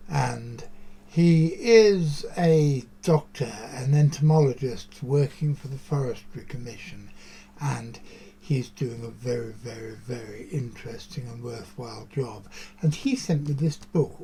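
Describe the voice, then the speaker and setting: A podcast host with a mid-range, dark, slightly rough voice talks at a measured pace. He delivers a casual monologue to camera, rambling and chatty, with plenty of musing asides.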